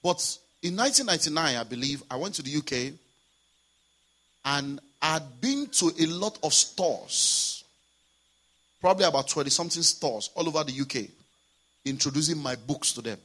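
A man with a Nigerian accent, a pastor preaching a sermon and telling a story, swinging from hushed to loud. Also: on the high side, moderate pace. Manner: animated, swings from hushed to shouting.

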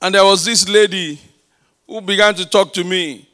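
A middle-aged male pastor preaching a sermon, praying aloud, calling for responses and telling stories with loud, emphatic swells. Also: high voice, fairly even intonation, normal speed. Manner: prays aloud and uses call-and-response with the congregation.

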